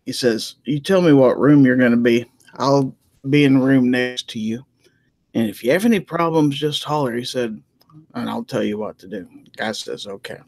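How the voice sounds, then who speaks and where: A man's voice: mid-range voice, normal speed, darkish tone. A man telling jokes in casual chat, checking in with his listeners with a folksy "okay?" between lines.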